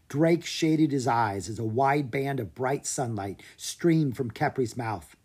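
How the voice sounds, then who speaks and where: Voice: medium pitch, animated, takes it slowly, hardly any pauses, darkish tone, slightly rough. An audiobook narrator reading a children's adventure story aloud, giving each character a voice.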